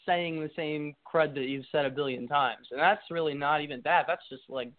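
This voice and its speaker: A young man, a musician guest, chatting casually and rambling through his thoughts in an interview. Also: fairly high pitch. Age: young adult. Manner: rambling, quick asides. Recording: tinny phone-like line.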